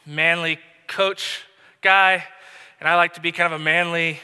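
A male pastor in his thirties delivers a sermon in a loose, conversational storytelling style, often restarting his sentences. His voice is high and very bright. The recording carries a long hall reverb. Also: level tone, a little slow, clean tone.

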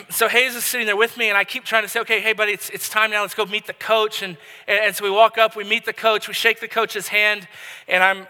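A man's voice: high voice, bright, forceful tone. A man in his thirties, a pastor preaching a sermon, telling a personal story in a conversational way with many restarts. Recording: long hall reverb.

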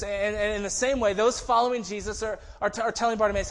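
A man's voice: high voice, fairly even intonation, a little fast, fairly bright tone. A man preaching a sermon in a conversational way, often restarting phrases and acting out quoted voices. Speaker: pastor.

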